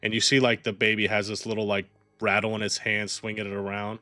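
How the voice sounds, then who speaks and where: A man's voice: lowish voice, monotone, brisk, pushed and bright, no room sound, faint music behind. A man running a tabletop game as game master, narrating casually with lots of "like".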